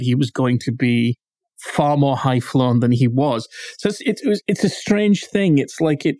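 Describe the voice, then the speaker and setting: A man's voice: fairly high pitch, a little mellow, no echo. A man co-hosting a podcast in casual chat, explaining things in detail and picky about what words mean. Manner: explanatory, pedantic about word meanings. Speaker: podcast co-host.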